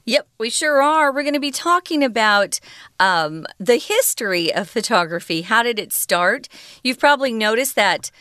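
Female English teacher, smooth clear voice, dry close sound, patient explainer. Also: a little high, expressive, moderate pace, bright, forceful tone, dry recording. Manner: explains word usage patiently with fillers. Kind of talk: conversational language lesson.

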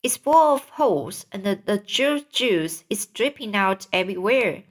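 A woman's voice: mid-range voice, expressive, a little slow. A woman reading aloud as a worried old male grasshopper from a storybook.

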